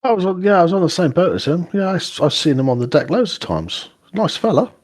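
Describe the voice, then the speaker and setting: Player guy, husky voice that swings all over, laid-back and chatty. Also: fairly high pitch, very animated, fast talker, darkish tone. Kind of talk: casual play and in-character talk.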